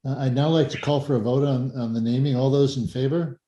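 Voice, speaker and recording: A man who is a university president, chairing a formal vote with brisk procedural phrasing. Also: mid-range voice, steady tone, mellow. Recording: dull echoey sound from far off.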